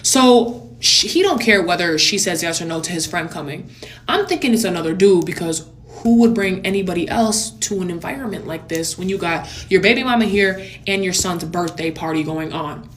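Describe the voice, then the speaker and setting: A woman's voice: on the low side, normal speed, slight background noise. Sassy young woman telling a storytime. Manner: animated, sassy, blunt commentary. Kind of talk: storytime vlog.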